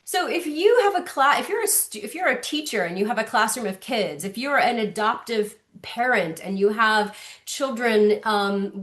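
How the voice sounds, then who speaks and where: A woman speaker teaching parents in a lunch-and-learn session. She tells stories with animated energy and slips into playful voices to act them out. Her voice sits a little high. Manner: animated storytelling with acted-out voices.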